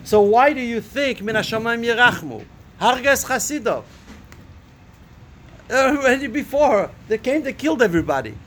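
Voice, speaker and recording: Man, high-pitched voice, Talmud lesson, reads then explains, rhetorical questions, many fillers. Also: big pitch swings, normal speed, a bit bright. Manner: thinking aloud with many fillers and restarts. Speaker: Torah teacher. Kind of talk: Talmud lesson, reading and translating a text.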